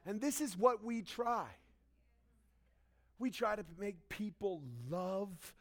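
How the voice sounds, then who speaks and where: A young man preaching a sermon as pastor, animated, acting out quotes and swinging between loud and hushed. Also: high-pitched, takes it slowly.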